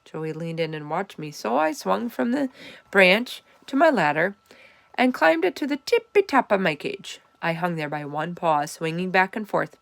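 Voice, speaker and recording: Lively woman reading a children's book aloud. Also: lowish voice, normal speed, creaky, no echo. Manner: expressive, animated storytelling. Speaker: storybook reader.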